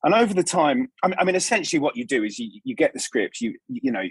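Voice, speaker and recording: A man with a slightly husky, breathy voice chats as a podcast guest, spinning long rambling anecdotes about his stage work. He keeps stopping and restarting his sentences. The sound is dry and close, with no room around it. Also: a little high, sing-song, fast, no room sound. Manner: rambling, self-interrupting anecdotes with many restarts. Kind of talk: casual interview storytelling.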